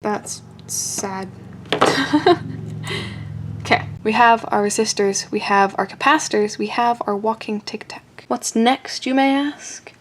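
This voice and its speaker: A woman narrating a casual hands-on kit build, playful and self-joking, often laughing and dropping into a soft whisper as she works. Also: a little high, slow pace, slight background noise. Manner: often drops to a soft whisper while working. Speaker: amateur radio hobbyist building a kit.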